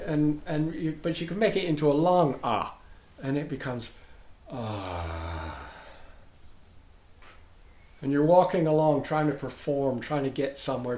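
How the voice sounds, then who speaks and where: A man's voice: medium pitch, a little mellow. A man giving an informal dharma talk to a group, chatty and digressive, often checking in with "right?". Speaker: dharma teacher. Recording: roomy sound with faint background noise.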